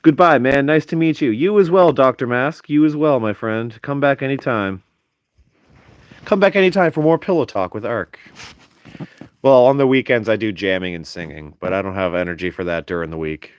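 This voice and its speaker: A man's voice: medium pitch, expressive, moderate pace, clean tone, no echo, studio quality. A sleepy young man hosting a casual stream, reading chat in a playful, teasing way.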